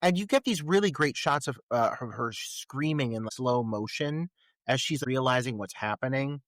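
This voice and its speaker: A man's voice: mid-range voice, moderate pace, no room sound. A man co-hosting a podcast, recapping a film in casual chat with lots of swearing and laughter. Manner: animated, profane, laughing recaps. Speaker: podcast co-host.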